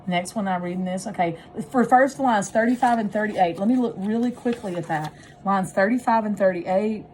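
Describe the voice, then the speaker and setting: Teacher lady walking thru a practice test out loud, mid pitch, bit of faint noise in the room. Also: moderate pace. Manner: thinking aloud while working through a test. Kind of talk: test-taking demonstration.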